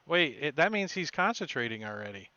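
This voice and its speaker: A man acting as game master in a casual online tabletop session, thinking aloud with halting restarts. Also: fairly high pitch, big pitch swings, pushed and bright, no echo, muffled recording.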